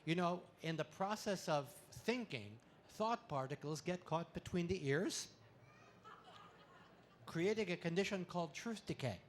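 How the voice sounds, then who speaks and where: A man giving a playful talk to an audience at an expo, full of deadpan puns and laughter exercises, speaking into a handheld mic. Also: high voice, a little slow, slight background noise. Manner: pun-filled deadpan jokes. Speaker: comedic spiritual speaker.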